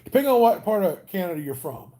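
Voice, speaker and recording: A man with a Southern US drawl, mellow and easygoing. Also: high voice, big pitch swings, fast talker. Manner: rambling, joking, easygoing. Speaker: livestream host. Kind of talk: casual livestream chat with viewers.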